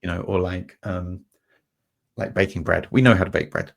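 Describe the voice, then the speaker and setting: A man with a fairly low voice and a noticeable gravelly fry talks through an idea on a podcast. He rambles, restarts his sentences and leans on simple everyday examples. The delivery is casual and conversational. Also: fairly even intonation, moderate pace. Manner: meandering, many fillers and restarts, explains through homely examples. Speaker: podcast host. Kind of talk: reflective conversational explanation.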